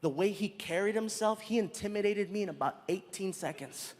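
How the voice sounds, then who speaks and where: A man in his thirties doing stand-up comedy storytelling, animated and breaking into loud character voices. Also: sits high, fairly quick. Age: 30s. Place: stage in a large venue. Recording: reverberant venue, faint noise.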